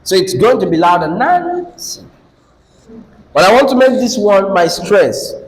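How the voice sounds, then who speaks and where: A man's voice: sits high, animated, fairly quick, a little hiss or hum, poor audio. A man teaching an English lesson, asking the class questions and repeating key phrases.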